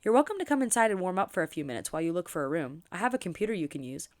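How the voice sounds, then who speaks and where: A woman reading the lines of a rugged male cowboy neighbor in a novel, blunt and matter-of-fact, at a quick pace. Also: fairly low pitch, sing-song, darkish tone.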